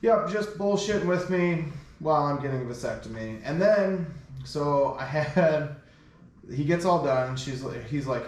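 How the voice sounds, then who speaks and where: A man's voice: fairly high pitch, a little slow, distant mic. Crude joking man in an echoey room. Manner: crude, animated storyteller acting out quotes. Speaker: podcast host. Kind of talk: casual storytelling chat.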